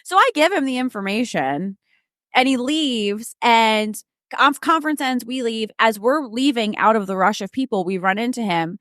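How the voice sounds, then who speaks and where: A woman guest co-host telling a story in casual chat, animated and candid, often laughing. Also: a little high, normal speed, no echo, clean studio sound.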